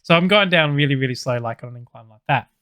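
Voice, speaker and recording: A man's voice: medium pitch, quick pace, bright, forceful tone, smooth, no echo, clean studio sound. A man casually telling a podcast story, loose and sweary with lots of fillers. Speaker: podcast co-host.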